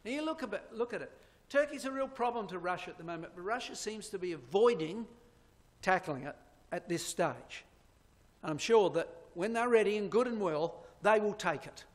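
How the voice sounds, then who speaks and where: Fairly high-voiced man preaching in a reverberant hall. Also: animated, moderate pace. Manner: emphatic, points at slides, asks rhetorical questions. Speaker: Bible prophecy lecturer. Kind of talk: sermon-style lecture with slides.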